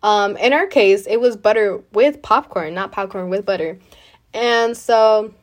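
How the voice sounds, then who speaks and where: A woman's voice: mid-range voice, a little slow. A woman hosting a podcast, telling a personal story in a chatty way, full of "like" and "you know". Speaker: podcast host. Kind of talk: casual storytelling.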